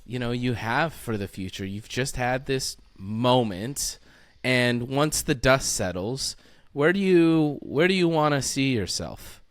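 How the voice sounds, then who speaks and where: A man's voice: mid-range voice, lively intonation, measured pace, no echo. A man hosting a podcast, asking questions in a chatty, encouraging way. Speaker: podcast host. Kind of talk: interview questions.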